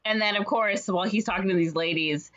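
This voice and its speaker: A woman's voice: mid-range voice, brisk, a bit bright, dull audio. A woman retelling a story in casual chat, lots of fillers, slipping into playful voices for each character. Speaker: podcast co-host retelling a musical.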